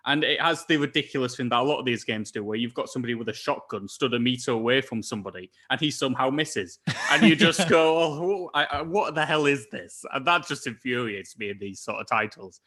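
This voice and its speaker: A man's voice: medium pitch, fast talker, few pauses, bright, forceful tone. A man with an Irish accent, co-hosting a casual podcast chat and telling stories in a wry, laughing, exasperated way. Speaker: podcast co-host.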